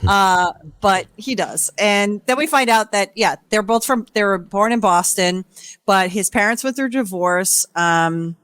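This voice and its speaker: A woman co-host tells a reality-show recap in loose, profane, rambling chat. Her voice sits mid-range and sounds dry and close to the mic, with little room sound. She keeps breaking into quick impressions of the people she describes. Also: mid-range voice, a bit bright, clean tone, no echo. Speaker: podcast co-host.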